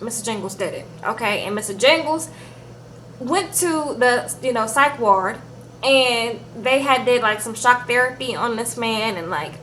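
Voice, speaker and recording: A woman's voice: a little high, unhurried, a little hiss or hum, low-quality recording. Chatty woman recapping with sass. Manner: chatty, animated, says "girl" and "okay?" often. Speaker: TV show recap reviewer. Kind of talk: casual recap of a TV episode.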